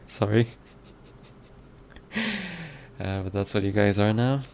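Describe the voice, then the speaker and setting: A man's voice: on the low side, fairly even intonation, takes it slowly, gravelly, a little mellow, slight background noise. A man streaming his game development work, chatting casually with viewers, musing aloud and reading their comments. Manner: musing, reads chat aloud, toys with mock accents. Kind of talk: casual livestream chat, thinking aloud.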